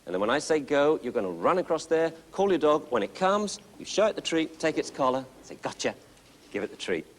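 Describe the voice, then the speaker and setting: A man's voice: on the high side, very animated, fairly quick, hardly any pauses. Guy coaching puppy owners, coaxing and upbeat, voice all over the place, faint noise behind. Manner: upbeat, coaxing, full of encouragement. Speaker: puppy trainer. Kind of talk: instructing a puppy class.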